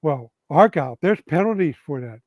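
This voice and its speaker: A petite, soft-spoken young noblewoman giving a mild scolding, as a man acts her out. The voice sits fairly high, and the sound is dry and a bit lo-fi. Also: lively intonation, moderate pace, no room sound. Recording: dull lo-fi sound.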